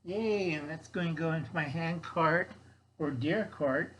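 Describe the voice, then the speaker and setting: Slow-talking folksy older man. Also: fairly high pitch, noisy background. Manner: folksy, talks to viewers as kids. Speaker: vlogger. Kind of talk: casual show-and-tell vlog.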